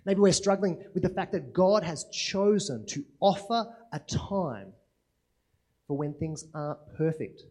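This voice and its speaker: Mellow-voiced conversational male preacher. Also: on the high side, expressive, unhurried. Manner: conversational, rhetorical questions, frequent "right?". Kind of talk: sermon.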